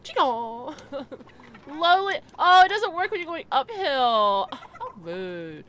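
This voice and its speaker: A young woman streaming a game, chatting casually, giggling and calling out excitedly to the animals in the game. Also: sits high, slow. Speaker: gaming streamer. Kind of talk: casual gameplay commentary.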